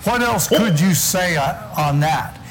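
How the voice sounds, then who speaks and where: Slow, high-voiced preacher man. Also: lively intonation, a little hiss or hum, low-quality recording. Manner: preaching with slow, weighty emphasis and scripture reading. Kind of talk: sermon.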